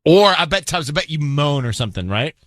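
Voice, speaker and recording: A man's voice: on the high side, sing-song, fairly bright tone, no echo. A man hosting a morning radio show, chatting and joking with co-hosts and callers. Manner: joking, teasing, quick laughs. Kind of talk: casual morning radio banter.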